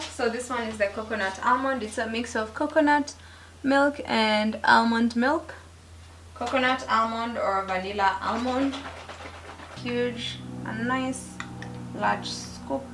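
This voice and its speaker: A woman's voice: fairly high pitch, a little slow, noisy background. A young woman, chatting casually and expressively to camera in a home vlog. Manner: chatty and expressive, with animated asides. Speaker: lifestyle vlogger.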